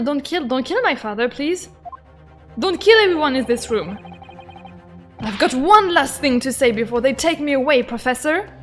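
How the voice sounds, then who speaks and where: A young woman streaming a game, reading dialogue aloud and reacting excitably with stammers and shrieks. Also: very high voice. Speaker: gaming streamer. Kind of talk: let's play commentary with voiced lines.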